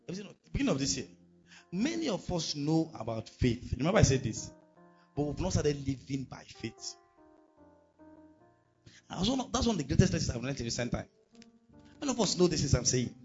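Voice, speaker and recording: A man preaching a sermon as pastor, emphatic and quick to throw rhetorical questions at his congregation. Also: fairly high pitch. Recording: dull lo-fi recording with faint music.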